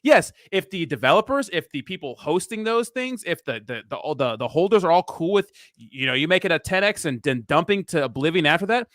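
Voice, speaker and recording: A man's voice: on the high side, very animated, fairly quick, hardly any pauses, fairly bright tone, no echo, studio quality. A man in casual podcast chat, brash and emphatic, swearing freely.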